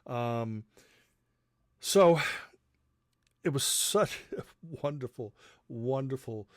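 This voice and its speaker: A man's voice: medium pitch, lively intonation, very slow, dry recording. Chatty man reminiscing, dry close sound. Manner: chatty, rambling, many fillers, acts out quoted lines. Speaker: channel host. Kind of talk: casual storytelling.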